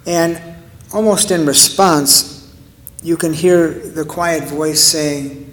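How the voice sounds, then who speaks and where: A man preaching a sermon in an earnest way, with rhetorical questions and dramatic pauses. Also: a little high, steady tone, a bit bright, in a large hall. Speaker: pastor.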